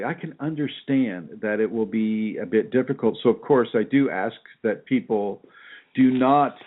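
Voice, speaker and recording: A man hosting a call-in radio show, teaching earnestly with repeated phrases and restarts. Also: mid-range voice. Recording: tinny phone line.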